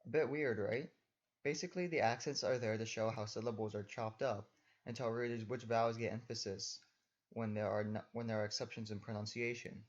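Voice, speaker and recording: A man's voice: fairly low pitch, steady tone, a little fast, lo-fi sound. A young man giving a recorded lesson, patiently explaining step by step as a teacher.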